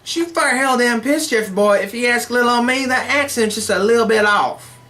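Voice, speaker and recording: A man's voice: very high-pitched, moderate pace, bright, forceful tone, voice pushed up. A man putting on an exaggerated Texan drawl, playing a folksy good ol' boy in a mocking way. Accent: put-on Texan drawl.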